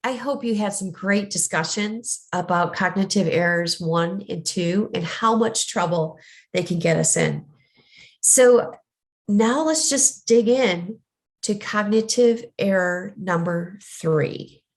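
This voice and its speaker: A woman's voice: medium pitch, slow. A middle-aged woman coach giving an earnest, conversational teaching talk, acting out small everyday scenes as she explains. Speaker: ADHD coach.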